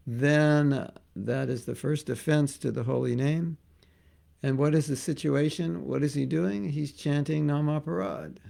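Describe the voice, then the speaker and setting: A man's voice: a little high, unhurried, gravelly, warm tone. A man teaching a casual devotional class, joking and conversational, repeating words for emphasis. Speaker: spiritual teacher.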